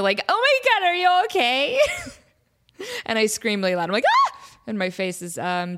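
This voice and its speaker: Animated self-mocking woman podcaster. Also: on the low side, smooth. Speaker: podcast host. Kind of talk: casual storytelling monologue.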